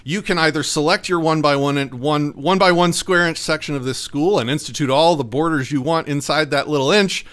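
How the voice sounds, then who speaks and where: A man's voice: a little high, fairly quick, hardly any pauses, fairly bright tone, lightly acted. A man doing a mock-polite male arbitrator. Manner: patient, mock-polite questioning. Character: calm, incredulous adult male arbitrator.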